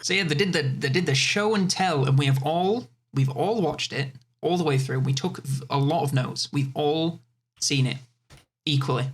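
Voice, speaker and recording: A man's voice: fairly high pitch, normal speed, breathy edge. A man co-hosting a casual gaming podcast, loose and joking. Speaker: podcast co-host.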